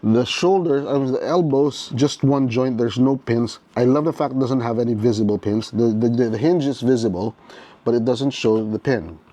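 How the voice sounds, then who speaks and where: A man giving a casual unboxing commentary, thinking aloud as he works, restarting often and checking in with "okay?", clearly enthusiastic about the toy. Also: mid-range voice, normal speed, dark tone, dry recording. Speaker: toy reviewer.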